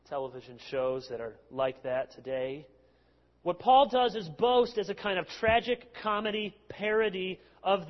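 A male pastor preaching a sermon, explaining passages with lively sarcastic asides. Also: high-pitched. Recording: long hall reverb, dull lo-fi sound.

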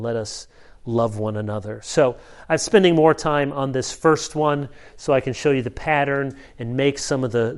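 A man preaching a sermon as a pastor, conversational and emphatic as he tells stories to his congregation. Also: medium pitch.

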